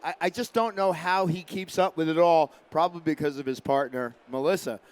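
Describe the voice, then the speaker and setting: High, clear-voiced male stage host. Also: fairly quick. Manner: energetic, chatty. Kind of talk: live stage introduction. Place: convention stage.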